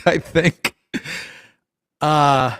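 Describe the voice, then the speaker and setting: An easygoing man co-hosting a podcast, quizzing his partner and agreeing along. His voice sits a little high. The sound is dry and close. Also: steady tone, drawn-out words, a bit bright, clean tone, dry recording. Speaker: podcast co-host. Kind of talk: casual chat.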